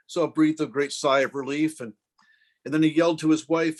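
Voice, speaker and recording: A middle-aged man with a fairly high speaking voice tells a long, self-deprecating anecdote in a relaxed podcast chat. He slips into the voices of the people in his story as he goes. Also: brisk. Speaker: podcast co-host. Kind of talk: casual storytelling.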